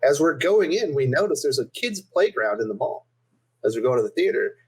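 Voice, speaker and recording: A man's voice: mid-range voice, sing-song, a little fast, breathy edge, rough recording. A man co-hosting a podcast, telling an exasperated story in casual chat. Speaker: podcast co-host.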